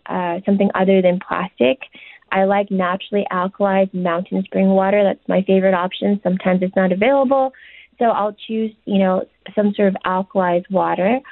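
A woman guest offering relaxed, chatty health advice over a tinny phone line, her voice gravelly with fry. The sound is dry and narrow. She fills her talk with "you know" and "um". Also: medium pitch, no room sound. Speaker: nutritionist and chef guest. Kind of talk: casual advice in a radio interview.

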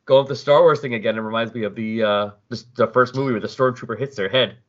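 A man's voice: mid-range voice, fairly even intonation, fast, a bit bright, lo-fi sound. A man co-hosting a casual chat, animatedly recapping a comic story and acting out the characters.

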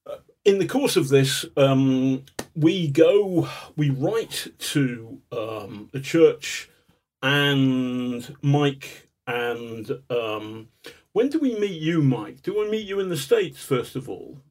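A man speaking as an interview guest, in a mid-pitched, ordinary voice. He tells his stories in an animated, chatty way and chuckles often as he goes. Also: slow pace. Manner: animated raconteur, chuckles as he talks. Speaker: guest, journalist. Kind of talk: casual storytelling interview.

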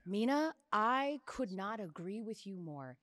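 A woman host with a middle-pitched voice, talking in a blunt, animated way. She swears freely and rants with gusto. Her mic sound is close and dry. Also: unhurried, no echo. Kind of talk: casual chat.

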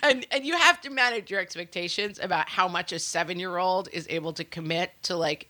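A woman co-hosting a parenting podcast, telling stories in a chatty way with quick asides. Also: on the low side, lively intonation, pushed and bright. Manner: chatty, storytelling with fillers and acted quotes. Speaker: podcast co-host. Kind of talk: casual chat.

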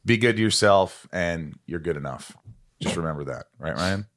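Deep-voiced man hosting a podcast. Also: expressive, a bit bright, no echo, studio quality. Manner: playful, joking, reads names quickly. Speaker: podcast host. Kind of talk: casual chat.

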